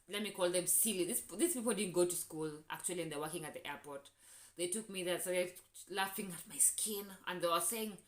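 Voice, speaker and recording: A woman's voice: on the low side, fairly bright tone, roomy sound. Indignant Kenyan woman telling a story. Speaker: vlogger. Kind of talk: storytelling vlog.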